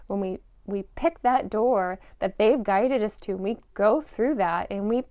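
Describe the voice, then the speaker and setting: A woman giving a spoken intuitive reading to parents, gentle and reflective, musing aloud with fillers. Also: medium pitch, dry recording, studio quality. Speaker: intuitive reader.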